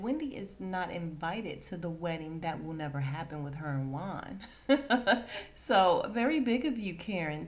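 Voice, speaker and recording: A woman hosting a podcast who recaps a reality show in a casual, gossipy way, laughs often and acts out the quotes. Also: lowish voice. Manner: acts out quotes in put-on voices. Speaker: podcast host.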